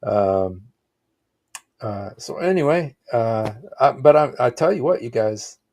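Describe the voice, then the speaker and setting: A man's voice: medium pitch, expressive, takes it slowly, darkish tone. A man hosting a livestream, giving rambling, casual reaction commentary with frequent exclaimed asides. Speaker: livestream host.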